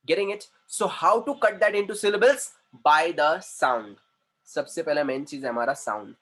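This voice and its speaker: A man's voice: fairly high pitch, a bit bright. A man teaching a grammar lesson in a classroom, repeating words and stretching out syllables, switching into Hindi. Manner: repetitive, drawn-out spelling of syllables, mixes in Hindi. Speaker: communication trainer.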